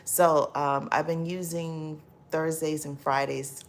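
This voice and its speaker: A middle-aged woman hosting a casual livestream, reading viewer comments aloud, effusive and quick to laugh. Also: sits low, level tone, a little hiss or hum. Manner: warm, effusive, laughs often and loudly. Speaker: livestream host.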